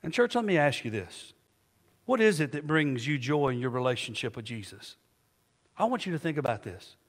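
A middle-aged man preaching from the pulpit with a slightly high voice that rings out through a long church reverb. He swells into emphatic, rhetorical lines, asking the congregation questions and then answering them himself. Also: big pitch swings, normal speed. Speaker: pastor. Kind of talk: sermon. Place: church sanctuary.

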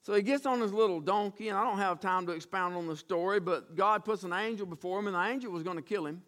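High-voiced, bright male preacher. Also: quick pace. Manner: animated storytelling, emphatic repetition. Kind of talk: sermon.

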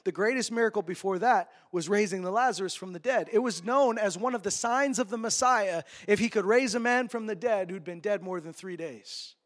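A male pastor preaching a sermon, animated and playful, acting out characters for humor. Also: sits high, a little fast, hardly any pauses. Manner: animated, acts out voices for humor.

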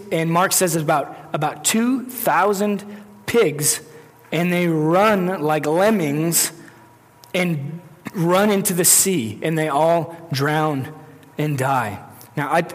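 A man with a somewhat high voice preaches a sermon to his congregation. He talks in a loose, conversational way, restarting phrases and slipping into the voices of the people in his story. His words ring out with the long reverb of a large hall. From United States. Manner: conversational, with self-corrections and acted-out quotes. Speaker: pastor.

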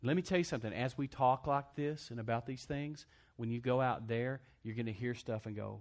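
A man's voice: mid-range voice, brisk, few pauses. A man preaching a sermon, asking the congregation for amens and joking as he acts out other people's voices. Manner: preachy call-and-response, asks congregation for amens; jokey, acts out quoted voices. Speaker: pastor.

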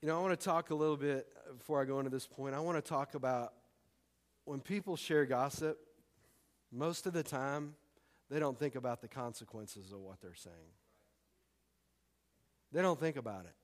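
A man's voice: medium pitch, normal speed, long pauses. A man preaching a sermon as pastor in a church, conversational and punchy with emphatic repetition. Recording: long hall reverb.

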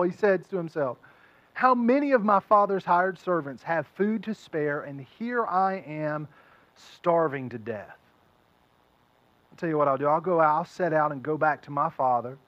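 A man with a high voice delivers a sermon as a lively story, slipping into the voices of the listeners he describes. The sound is dry and close, with no room echo. The recording is a little dull. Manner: storytelling, acting out crowd voices. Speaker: pastor.

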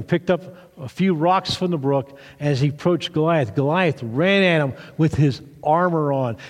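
A man's voice: on the high side, in a large hall. A man pastor giving a children's sermon, retelling a story with animation and asking the kids questions.

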